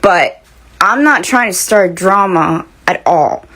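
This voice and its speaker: A woman's voice: on the low side, expressive, slow pace, pushed and bright. Woman mod explaining her side, defensive, voice jumping up and down a lot. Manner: defensive, complaining. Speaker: chat moderator. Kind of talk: casual chat.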